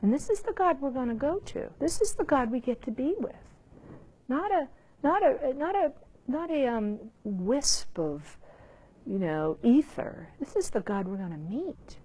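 Informal woman Bible teacher, bright and high-pitched, swinging her pitch a lot as she chats to a group. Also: unhurried, slightly rough. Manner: animated, conversational, many restarts and acted asides.

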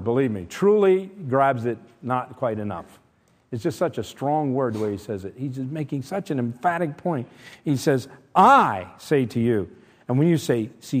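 A middle-aged man preaching a sermon, emphatic, shifting between loud stressed points and quiet asides. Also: mid-range voice. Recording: long reverb from a large hall.

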